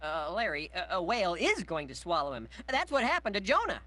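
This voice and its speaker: Bob the Tomato, high and earnest. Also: male voice, very animated, fairly quick, pushed and bright, exaggerated voice. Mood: patient. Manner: hesitant, with many "uh"s, earnest. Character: sensible male tomato, patient cartoon host. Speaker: host.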